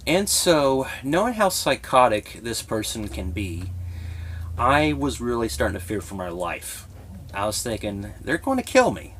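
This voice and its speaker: A man's voice: mid-range voice, very animated, a little slow, a bit bright, slight background noise. A young man telling a personal story in a confessional vlog, hesitant and emotionally raw, often restarting his sentences. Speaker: vlogger.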